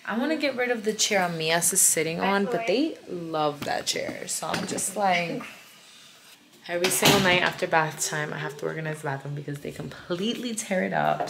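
A woman's voice: lowish voice, vocal fry. A woman in her twenties, a mom vlogging in a casual, candid, chatty way and swearing freely. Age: 20s. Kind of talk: casual vlog chat.

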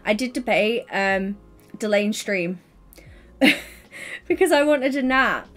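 Soft music hums faintly behind this young woman's animated, mid-range voice as she talks casually to her stream through a headset mic. Bubbly and giddy yet worn out and yawning, she keeps up the chatter and fires off quick replies to chat.

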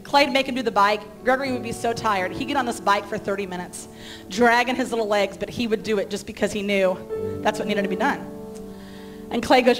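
A woman's voice: fairly high pitch, fairly quick, music in the background. Earnest woman pastor sharing a story. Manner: earnest storytelling, acting out quoted dialogue. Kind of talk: personal sermon story. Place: church sanctuary.

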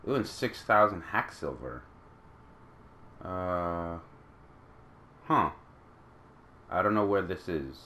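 A man's voice: low voice, animated, slow pace, long pauses, sharp tone, a little hiss or hum. A man hosting a let's play, chatting casually over gameplay and talking back to the game and its creatures.

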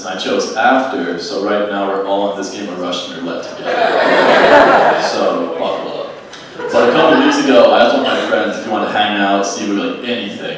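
A young man doing a stand-up set on a comedy club stage, rambling and offhand, with casual swearing. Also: fairly low pitch. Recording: echoey distant club recording with noise. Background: audience laughter.

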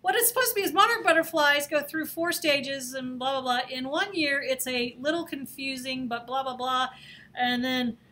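A woman teaching a screen-recorded design software lesson, talking in a chatty, playful way and laughing at herself as she works. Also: sits high, moderate pace. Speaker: design instructor. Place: office or classroom.

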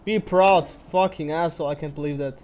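A man's voice: a little high, moderate pace, darkish tone. A young man giving angry, swearing commentary over his own online game match. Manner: angry ranting, heavy swearing. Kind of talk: gameplay commentary.

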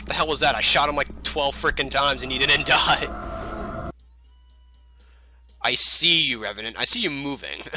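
A man giving excitable let's play commentary, swearing and yelling at enemies, with jokey muttered asides. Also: medium pitch, a little slow, long pauses. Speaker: gamer. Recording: loud game noise under voice.

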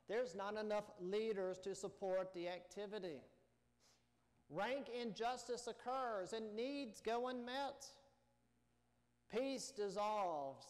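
A pastor giving a Sunday sermon in a measured, emphatic preaching manner full of rhetorical questions. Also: male voice, high-pitched. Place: church sanctuary. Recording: long church reverb.

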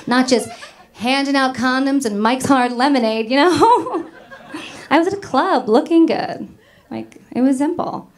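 New york lady doing standup, kinda high voice, chatty, laughs at her own bits. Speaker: stand-up comedian. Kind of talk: stand-up comedy set. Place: comedy club stage with live audience.

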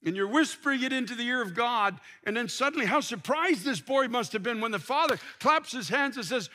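A man's voice: very high voice, animated, fairly quick, hardly any pauses, pushed and bright. An older man preaching a sermon from a church pulpit, impassioned and full of restarts. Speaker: pastor. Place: large church sanctuary.

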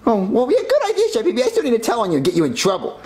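A woman's voice: a little high, wildly swooping pitch, racing, mellow. A woman voicing a whiny, tattling young boy in a comedy puppet video, childish and bratty. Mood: chatty. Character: bratty young boy playing with toy cars.

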